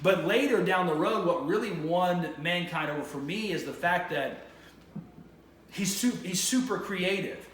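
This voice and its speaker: A man hosts his own vlog with a fairly high voice, rambling with eager enthusiasm and often restarting his sentences. His voice bounces around a roomy, echoing space with a faint ambient hum underneath. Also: a little slow, a bit bright. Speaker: vlog host. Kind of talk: casual to-camera monologue.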